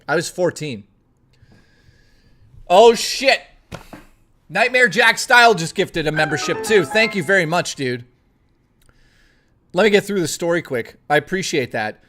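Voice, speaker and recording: A man's voice: fairly high pitch, lively intonation, normal speed, sharp tone, faint music behind. A man streaming live, telling a story in a rambling, profane, casual way while thanking his viewers. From Toronto, Canada.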